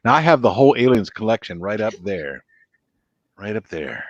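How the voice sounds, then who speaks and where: A man's voice: fairly low pitch, normal speed, dry recording, lo-fi sound. A man hosting a casual livestream, reading viewer comments aloud and teasing playfully. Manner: playful, teasing, lively delivery. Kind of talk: casual live chat.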